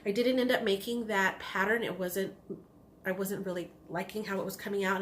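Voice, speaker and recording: A woman's voice: medium pitch, fairly even intonation, normal speed, a bit bright, a little hiss or hum. Gushing, rambling woman knitting host. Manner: enthusiastic, rambling with many ums and restarts. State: has the hiccups. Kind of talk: casual chatty show-and-tell.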